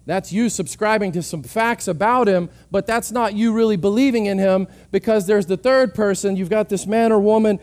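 High-voiced earnest male pastor. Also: moderate pace, few pauses, darkish tone. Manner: earnest, repeating words as he restarts. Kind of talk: sermon.

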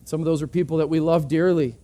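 High-voiced earnest male pastor. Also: fairly even intonation, quick pace, mellow. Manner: earnest, repeating words as he restarts. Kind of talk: sermon.

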